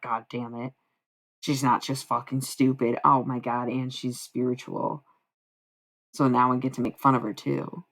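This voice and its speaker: Woman, livestream chat, husky raspy voice, blunt swearing, joking at herself. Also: rumbling low, fairly even intonation, normal speed, fairly bright tone. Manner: candid, profane, self-mocking. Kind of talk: casual stream chat.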